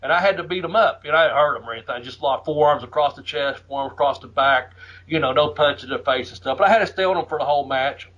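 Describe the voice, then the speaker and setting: A man's voice: fairly high pitch, fast. Profane, laughing male wrestling storyteller. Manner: profane, laughing, acts out shouted quotes. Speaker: podcast host telling wrestling stories. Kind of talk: casual storytelling. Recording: muffled lo-fi audio.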